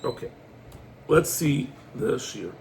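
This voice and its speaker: A man, a rabbi, giving a lively Torah class in sprinkled quotes. He acts out the dialogue and fires off rhetorical questions. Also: mid-range voice, takes it slowly, a little hiss or hum.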